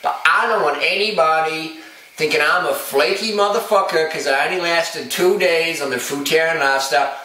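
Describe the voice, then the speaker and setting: A man's voice: fairly high pitch, moderate pace, bright, forceful tone. A man putting on a parody impression of a crude male Hollywood actor who rambles profanely about craving drugs. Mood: boastful. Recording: echoey room, far from the mic.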